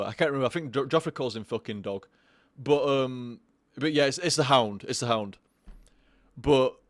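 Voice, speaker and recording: A man's voice: mid-range voice, dry recording. A drunk young man streaming a game live, rambling, swearing and stammering over his own words.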